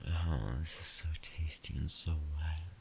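A man with a very deep, gravelly voice in a whispered role-play, drawling slowly in a breathy, intimate hush. He speaks straight to the listener, his low tone grinding with fry, with a faint hiss in the background. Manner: slow, intimate, second-person address. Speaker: erotic audio performer.

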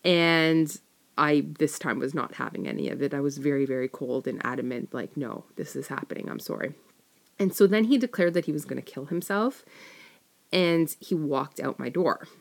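A woman with a low, deep-set speaking voice tells a story from her own life in a loose, confessional way. She rambles, fills gaps with small hesitations and keeps correcting herself as she goes. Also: expressive, normal speed, creaky. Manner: rambling, many fillers and self-corrections. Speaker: storyteller sharing a personal experience.

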